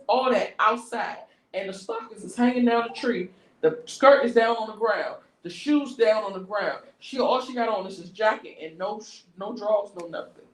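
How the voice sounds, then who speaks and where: A woman casually telling a story on a talk stream, lively and slangy. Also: on the high side, reverberant, poor audio. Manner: lively, animated retelling with slangy asides.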